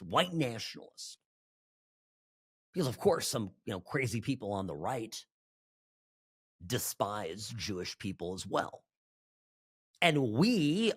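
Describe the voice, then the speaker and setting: A man from Southern California hosting a political talk show, delivering an animated, emphatic monologue with frequent restarts and asides. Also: medium pitch, husky.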